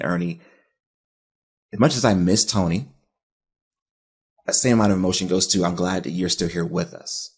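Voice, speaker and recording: A man hosting a podcast interview, speaking earnestly and emotionally in a motivational way, with a husky voice. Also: deep voice, darkish tone. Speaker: podcast host. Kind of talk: heartfelt interview talk.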